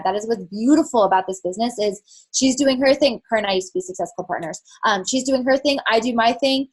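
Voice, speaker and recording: A woman's voice: on the high side, fast, breathy edge. A woman coaching her team on a call, talking frankly and casually with lots of fillers and the odd swear word. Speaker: network marketing fitness coach. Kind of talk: candid motivational team call talk.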